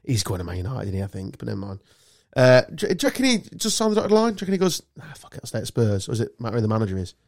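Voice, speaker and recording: Lively, laughing male podcast host. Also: medium pitch, gravelly. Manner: laughing, quick banter, thinks aloud while looking things up. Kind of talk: casual chat.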